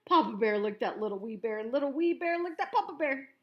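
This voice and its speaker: A woman reading a picture book aloud to children as a teacher, animated and full of chatty asides to her listeners. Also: high voice, fairly quick, few pauses.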